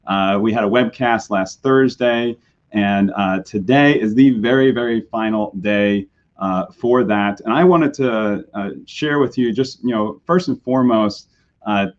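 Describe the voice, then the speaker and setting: A man with a hoarse voice from a recent sore throat, giving a halting webcast briefing as director of a nonprofit, with many fillers. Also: fairly low pitch, highs cut off.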